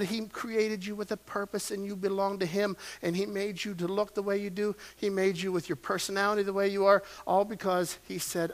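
A man's voice: high voice, gravelly, fairly bright tone. A middle-aged man preaching a sermon in a church, folksy and storytelling, with self-deprecating asides. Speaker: pastor. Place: church sanctuary.

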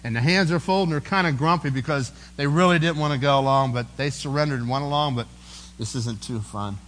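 A man's voice: fairly high pitch, fast talker, a bit bright, rough recording. A man preaching a sermon in an earnest, conversational way, often repeating words as he goes. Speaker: pastor.

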